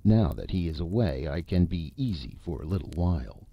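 A man's voice: sits low, expressive, moderate pace, creaky, dry recording, heavily acted. A man voicing a polite but fretful male ghost in a story reading, eager and fussy in manner. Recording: dull lo-fi recording.

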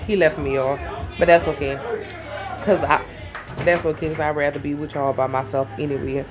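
A woman vlogging from her garage into a phone, rambling and swearing, easily sidetracked and calling her viewers baby and y'all. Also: low voice. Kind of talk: casual chat to camera. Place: home garage. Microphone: phone held close.

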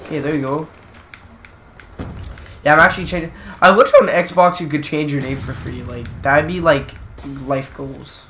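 A man rambling through casual gameplay commentary with a bright, forceful tone and a voice pitched a touch high. He drifts off topic, snaps at the game and swears when things go wrong. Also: fairly even intonation, moderate pace, pauses often, faint music behind. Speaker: gaming channel host.

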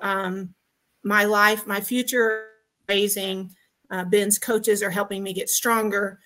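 A woman's voice: medium pitch, steady tone, slow pace, bright, forceful tone. A woman from Texas calling in to a podcast over video, giving a heartfelt, grateful testimonial with many ums and restarts. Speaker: guest caller.

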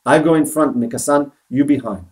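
Man doing an old Japanese man, slow, halting. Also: mid-range voice, a little mellow, lightly acted. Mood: urgent. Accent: put-on Japanese. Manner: halting broken English, slow and deliberate. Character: old Japanese man, patient, calm, stranded islander. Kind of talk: storybook reading.

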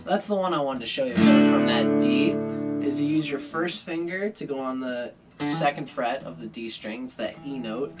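A young man casually explaining a guitar song, relaxed and rambling with many fillers. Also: mid-range voice, normal speed, distant mic. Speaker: guitar teacher. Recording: loud guitar over the voice.

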